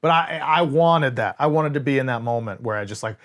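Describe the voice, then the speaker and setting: A man's voice: mid-range voice, brisk. A man co-hosting a casual movie review, talking animatedly and swearing freely. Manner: animated, swears often, quotes scenes in voices. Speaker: podcast co-host.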